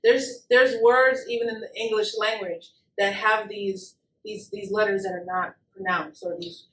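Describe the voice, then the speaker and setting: A woman co-hosting a casual question game, animated and quick to laugh. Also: mid-range voice, recorded from a distance. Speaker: co-host. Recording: roomy sound from off-mic.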